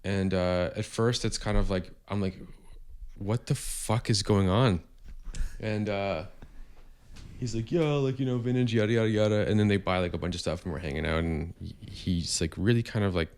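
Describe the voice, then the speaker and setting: A man's voice: on the low side, moderate pace, smooth. A man, a podcast guest who owns a vintage store, telling a story casually with many fillers and restarts. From Canada. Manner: rambling, hesitant, many fillers.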